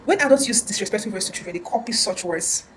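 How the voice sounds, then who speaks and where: A woman's voice: medium pitch, animated, fast, slight background noise, low-quality recording. A woman counselor giving earnest advice in a casual talk, often repeating words and restarting.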